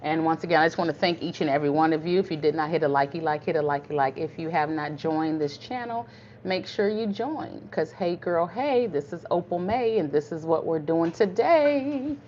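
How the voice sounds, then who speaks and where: In a low, slightly mellow voice at normal speed, an older woman hosts a casual cooking livestream, chatting and encouraging in a folksy style. Muffled lo-fi audio and a faint room hum come through the stream.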